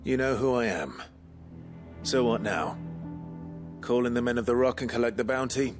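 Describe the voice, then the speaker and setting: A man voicing a grim, stern male swordsman in a video game, speaking in a measured, formal way. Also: mid-range voice, close to an everyday voice. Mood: steady. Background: game soundtrack music.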